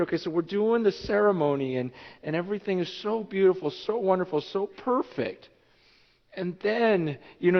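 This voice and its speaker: A man preaching a sermon as pastor, telling a story in an animated, emotional way. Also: medium pitch. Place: church sanctuary. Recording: dull echoey church hall.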